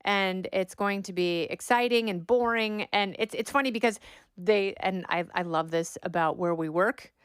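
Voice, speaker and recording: A middle-aged woman hosts a political podcast, delivering opinionated commentary with a sarcastic bite. Her voice is smooth and crisp, recorded close and dry in a studio with no room sound. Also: mid-range voice, normal speed, dry recording. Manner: sarcastic, mocks quoted talking points in exaggerated voices. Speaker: podcast host.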